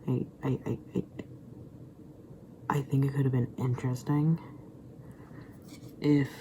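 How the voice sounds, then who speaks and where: A man's voice: mid-range voice, takes it slowly. A young man vlogging in a casual rambling monologue, stammering through restarts and dropping into whispered asides. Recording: steady background noise.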